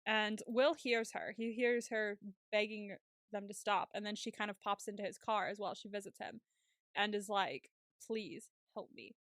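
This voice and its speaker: A woman's voice: mid-range voice, moderate pace, no echo, clean studio sound. A young woman co-hosting a podcast, casually recapping an episode and acting out characters' lines as she goes. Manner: animated retelling with quoted lines. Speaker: podcast co-host.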